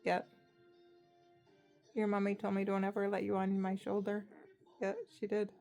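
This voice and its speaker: A woman's voice: medium pitch, completely flat delivery, moderate pace, creaky, darkish tone, faint music behind. A woman chatting casually at home with her pet parrots, slipping into sing-song baby talk. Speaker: parrot owner. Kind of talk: casual chat with pet birds. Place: home living room.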